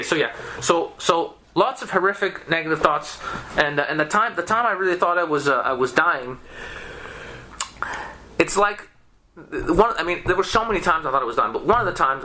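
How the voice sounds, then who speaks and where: A man's voice: on the high side, a little hiss or hum. A young man on a podcast, casually telling a story with constant swearing and lots of restarts. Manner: profane, animated, many restarts. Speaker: podcast guest.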